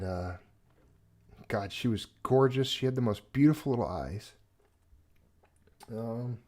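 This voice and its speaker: A man's voice: lowish voice, darkish tone. A man hosting a casual livestream, talking in a rambling, earnest way and getting choked up at times. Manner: rambling, earnest, emotional when speaking of a lost pet. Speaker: livestream host.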